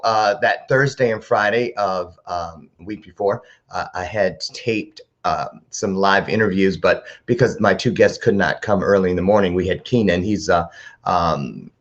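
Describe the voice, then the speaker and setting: A man hosting a live talk show, chatting to camera in a rambling, animated way. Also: low voice, muffled recording.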